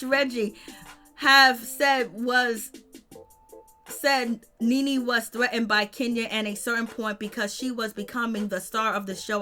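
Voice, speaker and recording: A woman hosting a casual live commentary, talking in slangy, animated asides straight to her viewers. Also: a little high. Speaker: reality-TV commentary host.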